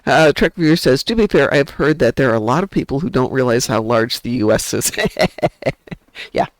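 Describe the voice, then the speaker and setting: A man's voice: medium pitch, expressive, moderate pace, dry recording, poor audio. A man with a Midwest accent, hosting a game stream and telling stories in casual chat. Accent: American Midwest. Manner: chatty storyteller. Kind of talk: casual chat while gaming.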